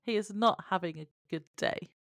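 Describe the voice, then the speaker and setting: A woman's voice: medium pitch, moderate pace, no echo, clean studio sound. A woman co-hosting a podcast, recapping a TV episode in casual chat and laughing often. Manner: laughs often, retells scenes with quoted lines. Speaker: podcast co-host.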